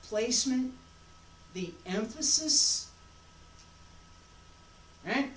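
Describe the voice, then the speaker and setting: A woman's voice: on the high side, animated, extremely slow, a bit bright, slight background noise. A woman teaching a martial arts class as she demonstrates, thinking aloud with rhetorical questions. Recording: roomy sound from a distant mic.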